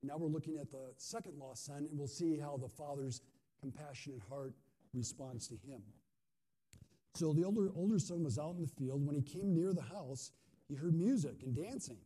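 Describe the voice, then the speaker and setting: A man's voice: fairly high pitch, moderate pace, warm tone. A male pastor giving a conversational sermon, often asking his listeners questions. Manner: conversational, asks the audience questions.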